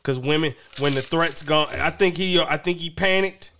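A man's voice: fairly high pitch, normal speed, bright, forceful tone, slight background noise. A man co-hosting a podcast, dropping short jokes and laughing reactions into a friend's story. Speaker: podcast co-host. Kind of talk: casual chat.

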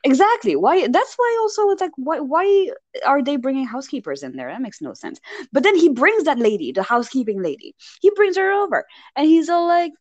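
A woman chatting casually, recapping a film with exasperated, animated storytelling and mocking voices. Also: sits high, brisk, no room sound, dull audio. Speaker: podcast co-host recapping a film. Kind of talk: casual chat.

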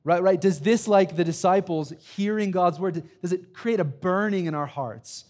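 Thirties male student pastor, emphatic sermon delivery, pitched a bit high. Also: normal speed, hardly any pauses, darkish tone. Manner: emphatic preaching with repeated "right?" and a personal story. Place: church sanctuary.

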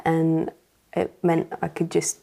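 Low, gravelly-voiced woman. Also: completely flat delivery, slow pace. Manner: hesitant, soft-spoken, many fillers. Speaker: church guest sharing a testimony. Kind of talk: personal testimony interview.

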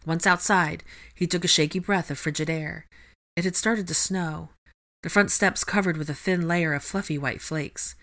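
A woman narrating a fan fiction chapter in a steady, measured storytelling manner. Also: fairly low pitch. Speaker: audiobook reader.

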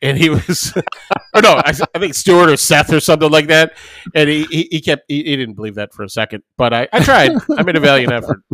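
A man's voice: a little high, fairly quick, a bit bright, no room sound. A man co-hosting a casual podcast, rambling through stories and swearing freely, acting out other people's lines. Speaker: podcast co-host. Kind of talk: casual chat.

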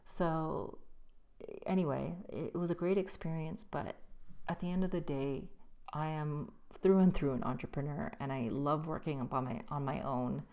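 Woman solo podcast host, low mellow voice, rambling casual storytelling, voice slightly worn. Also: moderate pace. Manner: loose, rambling, frequent restarts. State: slightly losing her voice.

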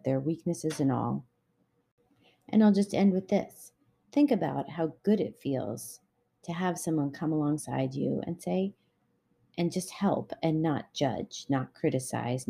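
Brief: middle-aged woman, lowish mellow voice, chatty devotional speaker telling anecdotes. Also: creaky, breathy edge. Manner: conversational, full of personal anecdotes. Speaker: Christian relationship speaker. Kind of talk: casual devotional talk.

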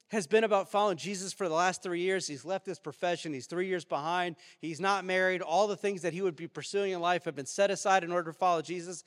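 Animated preaching man in a reverberant hall. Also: high voice. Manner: animated, swings between loud outbursts and quiet reflection. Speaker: pastor. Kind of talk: sermon. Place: church sanctuary.

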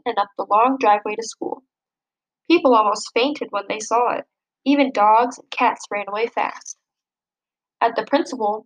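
A woman reading a children's picture book aloud in a lively, expressive way. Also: on the high side, rough recording. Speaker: storybook reader. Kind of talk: children's story read-aloud.

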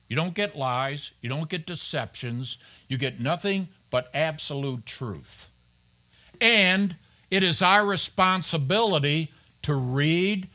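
A pastor with a fairly high-pitched, fairly bright voice preaches an expository sermon. He keeps it conversational and full of rhetorical questions, becoming emphatic on the key points.

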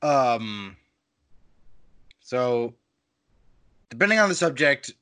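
A man's voice: medium pitch, big pitch swings, drawn-out words, pushed and bright, smooth. A man hosting a podcast in casual chat, playful and jokey, rambling a little as he talks. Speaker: podcast host.

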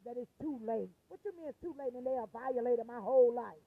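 A woman's voice: fairly high pitch, brisk, husky, dry recording. A distressed woman venting angrily and cursing, repeating herself as she tells of her ordeal, recorded at home. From United States. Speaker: vlogger telling of her ordeal. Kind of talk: emotional personal rant. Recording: tinny phone-like audio.

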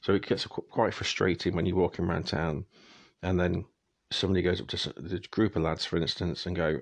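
A man's voice: low voice, little pitch movement, fairly quick, no echo. A young man ranting in a casual, exasperated monologue to his viewers, speeding up when annoyed. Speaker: vlogger.

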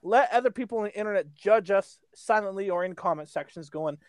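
A man's voice: high voice, normal speed, fairly bright tone, clean tone, no room sound. A man co-hosting a podcast in casual chat, telling a rambling story, swearing and laughing often. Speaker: podcast co-host.

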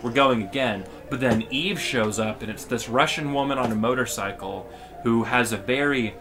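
A man's voice: mid-range voice, normal speed, over music. A man telling a rambling, comedic story on a podcast, full of fillers and restarts. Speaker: podcast co-host.

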